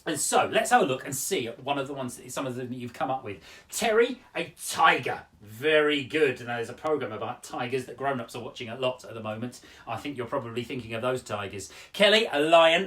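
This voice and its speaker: A man's voice: medium pitch, brisk, fairly bright tone, recorded from a distance. A man hosting a children's poetry show from home, playful and talking straight to young viewers as he leads word games and performs his poems. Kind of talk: live-streamed poetry workshop and performance for children.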